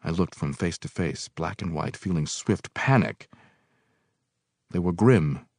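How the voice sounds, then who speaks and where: A man hosting a study session, reading a novel aloud in expressive first-person narration. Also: low-pitched, unhurried, husky, dry recording, clean studio sound.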